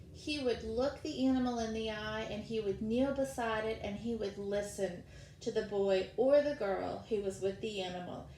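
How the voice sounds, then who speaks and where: A woman narrating a children's novel in a deliberate, expressive way. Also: on the high side, echoey room, slight background noise, poor audio.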